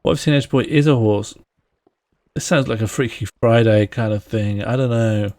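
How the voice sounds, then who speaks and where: A man with a mid-range voice talks at a normal speed while live-streaming a video game. He chats playfully with his viewers and friends, laughs a lot, and mutters to himself as he plays, all in a casual gaming-stream style.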